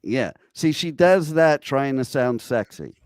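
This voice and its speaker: A man's voice: medium pitch, expressive, measured pace, darkish tone, smooth, dry recording. Joking male radio host, dry studio sound. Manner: joking, teasing. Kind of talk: casual studio banter.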